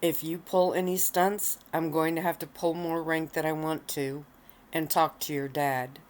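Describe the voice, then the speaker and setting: A woman reading the lines of a stern male werewolf pack alpha, firm and measured, in a low voice. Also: flat delivery. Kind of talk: read-aloud story.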